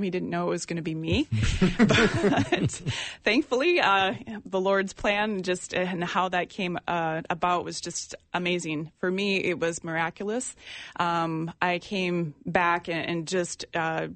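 A woman in her forties telling her personal testimony in an interview, earnest and halting, with many fillers. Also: on the low side, fairly even intonation, no echo. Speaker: ministry guest sharing testimony.

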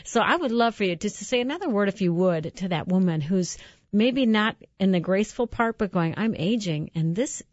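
A middle-aged woman hosting a faith-based interview, speaking in a gently searching way as she reads from the guest's book and asks questions. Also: medium pitch, expressive, fairly quick, no echo, muffled recording. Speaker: interview host.

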